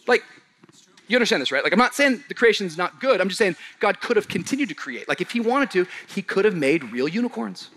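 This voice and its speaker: A man preaching a sermon to a live congregation, casual and slangy, swinging from shouted emphasis to quiet low asides. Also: sing-song, fairly quick, a little hiss or hum. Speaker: pastor.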